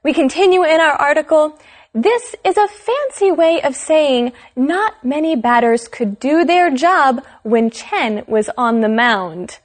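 A high-pitched woman co-hosting a scripted English lesson. She explains each word slowly and carefully, spelling out meanings for learners. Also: lively intonation. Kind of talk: scripted language lesson chat.

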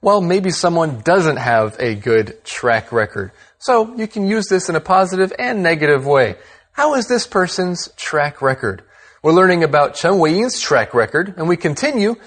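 A man's voice: on the high side, big pitch swings, unhurried. A man co-hosting an English lesson, explaining phrases in an upbeat, plain-spoken way. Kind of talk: scripted language lesson chat.

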